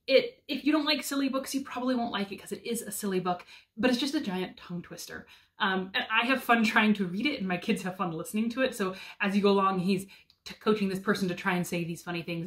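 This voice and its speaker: A woman's voice: medium pitch, fairly bright tone. A woman in her thirties chatting casually about favorite picture books, enthusiastic with frequent ums. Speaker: homeschool mom reviewing picture books. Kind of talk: casual book recommendations.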